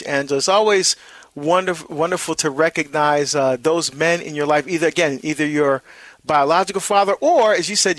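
A man's voice: a little high, a bit bright, no room sound. A man hosting a call-in radio show, answering callers in a friendly, affirming way.

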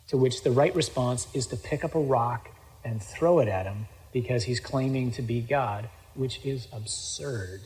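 A male preacher delivering a sermon in a mid-range voice, quoting scripture and then commenting on it with sudden bursts of emphasis. His voice carries a long reverb, as if recorded in a large hall. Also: medium pitch. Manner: lively, quoting scripture with sudden loud asides. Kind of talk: sermon reading and explaining scripture.

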